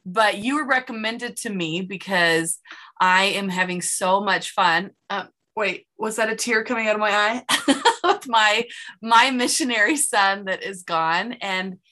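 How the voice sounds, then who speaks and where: A woman's voice: mid-range voice, unhurried, sharp tone. A woman hosting a podcast, chatting effusively, telling stories and laughing often. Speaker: podcast host. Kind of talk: casual interview chat.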